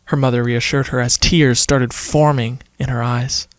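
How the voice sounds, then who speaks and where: A man's voice: mid-range voice, fairly even intonation, normal speed, no room sound, clean studio sound. A man reading a story aloud for laughs, breaking off to comment. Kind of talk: casual comedic story reading.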